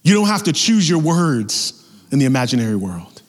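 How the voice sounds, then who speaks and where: A man preaching a sermon as pastor, talking in a lively, conversational way with acted-out asides. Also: a little high, moderate pace, long reverb tail.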